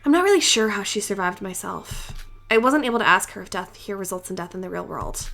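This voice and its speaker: A woman voicing a calm, secretive girl who explains things in a measured, composed way, for a visual novel. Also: mid-range voice, creaky. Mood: calm serious.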